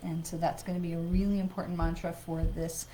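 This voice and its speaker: A woman's voice: lowish voice, flat delivery, a little fast, mellow, a little hiss or hum, rough recording. A woman, a psychic medium, hosting a live card reading in a chatty way, with sighs and filler words. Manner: conversational, with frequent fillers and sighs; greets viewers by name.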